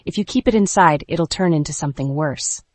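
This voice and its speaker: Lady narrator doing a guarded mafia guy, low and controlled, dry close mic. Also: brisk, no room sound. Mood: coaxing. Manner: quiet, controlled, low-spoken. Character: guarded protective mafia man.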